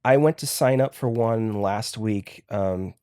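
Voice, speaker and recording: A man's voice: on the low side, darkish tone, no echo, studio quality. A man, a podcast guest, telling stories casually, stopping and restarting often. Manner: halting, full of restarts and fillers. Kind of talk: casual storytelling.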